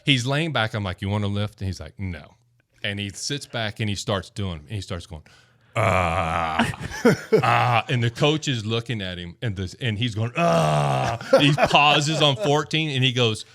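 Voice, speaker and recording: A man telling a story on a podcast in a casual, animated way, acting out quotes and laughing as he goes. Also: medium pitch, moderate pace, few pauses, dry recording. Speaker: guest, former football player.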